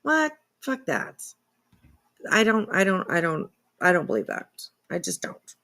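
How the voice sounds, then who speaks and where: On the low side, with big pitch swings, an unhurried pace and a sharp tone, a woman runs a commentary channel and reacts to clips. She's incredulous and profane in casual talk, speaking to her viewers and her cat.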